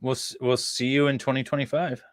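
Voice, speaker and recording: A man hosts a livestream and chats casually with his co-host about a court case, keeping an easygoing conversational flow. His voice sits at an ordinary mid pitch. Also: level tone, a little fast. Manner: chatty, thanks viewers. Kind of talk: casual commentary chat.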